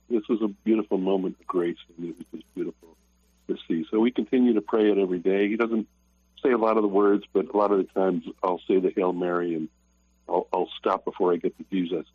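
An older man calling into a radio show, sharing a personal testimony in an earnest, halting way with many restarts. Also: sits low, slightly rough. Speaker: caller. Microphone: telephone. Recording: tinny phone line.

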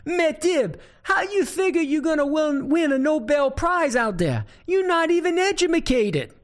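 A man voicing a nosy rural Cajun man who hollers in a high drawl with a Cajun accent. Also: sing-song, a little slow. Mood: hollering, puzzled.

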